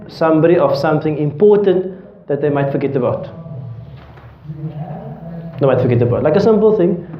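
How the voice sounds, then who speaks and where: A man's voice: fairly high pitch, slight background noise. A man teaching a classroom lecture. He explains with everyday examples and keeps checking that students are following. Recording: roomy, dull lecture-hall recording.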